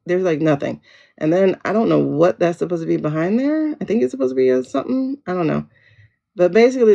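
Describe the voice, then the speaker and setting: Gravelly, animated woman livestreaming. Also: on the low side. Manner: chatty, greets viewers by name, drawls "girl" and "child". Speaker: livestream host. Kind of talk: casual livestream chat. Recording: lo-fi downloaded livestream audio.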